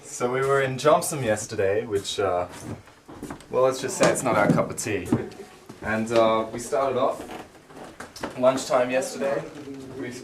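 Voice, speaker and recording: A travel vlogger tells a casual story about a trip gone wrong, animatedly acting out what people said. His voice is medium-pitched and a little slow, with frequent pauses, and the recording is echoey with light noise.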